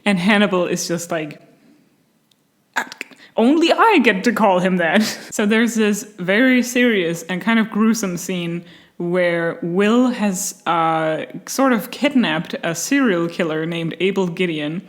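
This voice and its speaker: A woman hosting a casual commentary video, animated and sarcastic, often breaking into laughter. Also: on the low side, a little slow. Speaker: video essay host.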